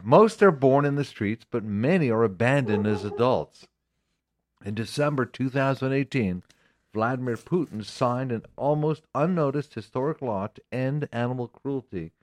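A man co-hosting a live radio talk show who reads news items in a steady, informative way. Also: medium pitch.

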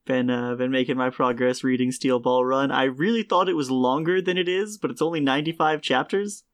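A man chatting casually with friends about cartoons and comics, excitable and swearing freely. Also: medium pitch, a little fast. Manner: excitable, breaks into laughter, swearing. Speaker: podcast co-host. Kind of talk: casual chat.

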